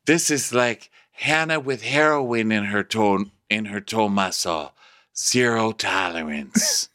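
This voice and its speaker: A man co-hosting a comedic TV recap podcast, chatting and mimicking cast members in high campy voices. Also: takes it slowly, pushed and bright. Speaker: podcast co-host.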